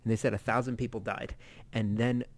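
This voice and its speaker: A man's voice: mid-range voice, little pitch movement, a little fast, a little hiss or hum. A man co-hosting a podcast, recapping a plot in a rambling, self-mocking casual way. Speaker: podcast co-host. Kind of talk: casual chat.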